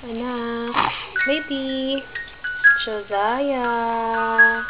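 High-voiced mother cooing baby talk. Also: fairly even intonation, extremely slow, pauses often. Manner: sing-song, coaxing baby talk. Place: home nursery beside a crib. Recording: lo-fi home video with loud crib mobile music.

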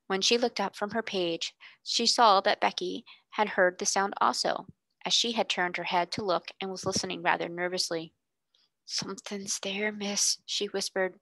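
Bright, gravelly woman reading a storybook. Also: mid-range voice, dry recording. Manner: calm, measured storytelling. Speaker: reader. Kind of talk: storybook read-aloud narration.

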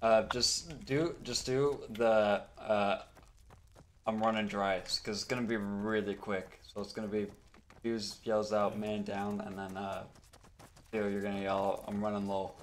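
A man directing friends' voice lines in a casual voice chat, halting with many fillers. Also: on the low side, little pitch movement, slight background noise. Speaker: director of a fan video, giving voice lines to friends.

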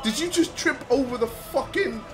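A young man, commentating his own football video game in a loud, sweary way, switching from mock rage to gloating. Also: extremely high pitch, animated, normal speed, over music. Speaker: gaming YouTuber. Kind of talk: live gameplay commentary.

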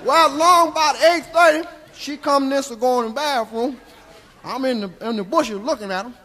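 A comedian playing a crude, rambling old Southern storyteller with a Southern US accent, drawling folksy tales on a live stand-up stage. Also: male voice, very high-pitched, moderate pace, sharp tone. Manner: drawling, folksy, keeps tagging lines with "see?". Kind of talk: live stand-up character monologue.

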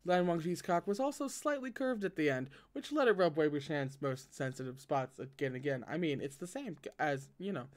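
A man's voice: fairly high pitch, animated, a little fast, hardly any pauses. A man hosting a casual read-aloud of a novel, often breaking off the text for wry, joking commentary. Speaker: host reading a novel aloud.

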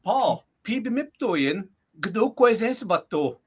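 A man teaching in a casual chat, patiently repeating phrases slowly for his learner. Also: high-pitched, big pitch swings, slightly rough. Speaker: language teacher.

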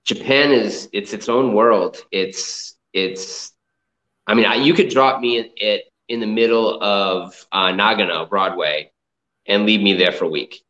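A Boston-area man, a comic art collector and entrepreneur, is a guest on a casual video-call interview, telling loose, rambling stories full of fillers and restarts. His voice is lowish, a little slow, and fairly bright, and the audio is dull and lo-fi.

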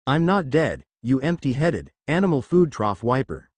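A man's voice: mid-range voice, sing-song, moderate pace, slightly rough, dry recording. A man voicing a boastful, stubborn knight who hurls defiant insults.

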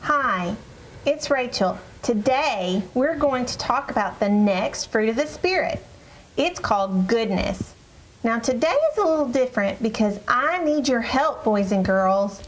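A woman voicing a friendly girl puppet who teaches children in a church puppet show, speaking in a bright, encouraging storybook tone. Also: on the high side, lively intonation, a little slow, rough recording. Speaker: puppet presenter.

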